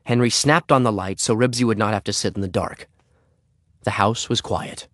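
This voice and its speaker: A man reading a children's story aloud in an expressive way. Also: on the low side, moderate pace, no echo, clean studio sound. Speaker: narrator.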